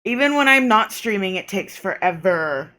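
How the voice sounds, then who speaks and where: A woman's voice: medium pitch, lively intonation, moderate pace, pushed and bright. A young woman streaming a dating game, reading its narration aloud and ranting and swearing at it in casual commentary. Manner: reads game narration aloud, then rants and swears in frustration. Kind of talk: live gameplay commentary.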